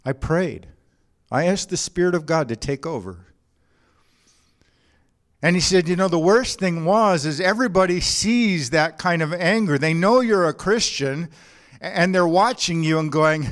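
A man's voice: fairly high pitch, lively intonation, measured pace. A man preaching a sermon, telling stories and quoting others, with frequent restarts and "you know" asides. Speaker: pastor.

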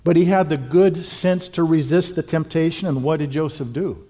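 A middle-aged man preaching a sermon in an earnest, emphatic way, slowing to stress key words. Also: a little high, warm tone. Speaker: pastor.

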